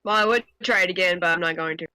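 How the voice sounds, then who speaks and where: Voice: mid-range voice, rapid-fire, bright, forceful tone, clear, resonant tone. A tabletop game player giving short, hesitant replies in character chat.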